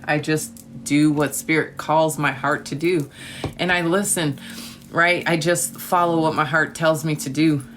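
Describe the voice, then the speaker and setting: A TikTok live streamer chats casually with her viewers, gushing, calling them honey and darling, and speaking spiritually about gratitude and trust. Her voice is low, fairly bright and unhurried with fairly even intonation, over a little hiss or hum.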